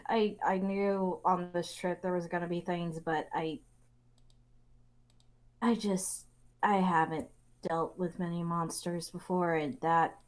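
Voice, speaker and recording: Woman voicing a nervous young traveler, halting, sighing, low-pitched.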